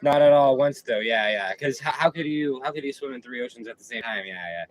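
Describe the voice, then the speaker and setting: A man's voice: medium pitch, brisk, a bit bright, poor audio. A man hosting a casual live stream, chatting in a slangy, laid-back way and often repeating himself. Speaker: livestream host.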